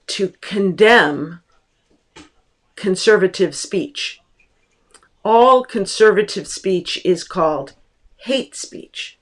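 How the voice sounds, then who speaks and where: A woman teacher giving a lecture on a book, explaining slowly and deliberately with pauses, recorded at home. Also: mid-range voice.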